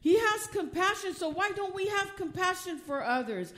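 A woman's voice: very high-pitched, expressive, normal speed, a bit bright. A woman pastor preaching a sermon from the pulpit, emphatic and often asking the congregation questions.

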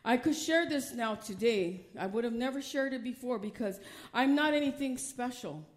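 Here an older woman preaches with fervor in a high-pitched voice at a moderate pace. She stumbles now and then while reading scripture aloud, laughs a lot, and drives each point home emphatically.

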